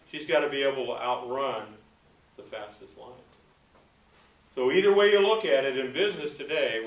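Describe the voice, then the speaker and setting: Man coaching a business crowd, roomy echo. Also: mid-range voice. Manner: anecdotal, checks in with "okay?" and "right?". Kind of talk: motivational business talk. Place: meeting hall. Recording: roomy echo, distant mic.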